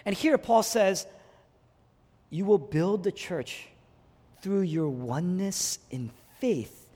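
Man, preacher, sermon, very animated pitch, hushed lows to loud peaks, reverberant hall. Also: slow. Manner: impassioned preaching, surging from hushed lows to soaring emphatic peaks. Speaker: pastor.

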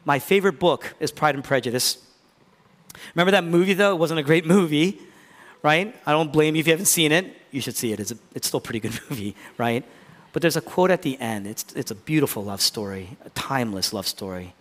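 A man preaching a sermon as pastor, swinging between loud declarations and hushed near-whispers. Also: on the high side, expressive, a little fast. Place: church hall. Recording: hall reverb.

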